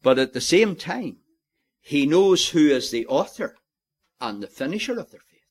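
A man preaching a sermon in a slow, earnest way, rising to emphatic, louder peaks on key phrases. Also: a little high, big pitch swings.

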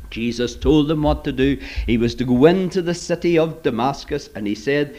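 In a dull lo-fi clip, a man addresses children directly as he tells a Bible story in storytelling style. His voice is fairly high and slightly dark, animated yet unhurried.

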